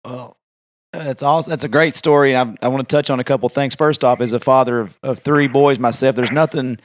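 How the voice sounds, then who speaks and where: A middle-aged man hosting a podcast, talking in a relaxed, chatty way. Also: mid-range voice, brisk, no room sound, clean studio sound. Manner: relaxed, chatty, many fillers. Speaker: podcast host. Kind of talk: casual podcast conversation.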